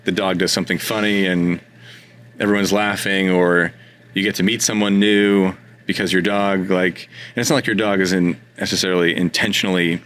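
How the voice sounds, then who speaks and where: A man's voice: low-pitched, fairly even intonation, moderate pace, fairly bright tone. A man as an interview guest, talking in a thoughtful, casual way and searching for words. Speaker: interview guest, dog photographer.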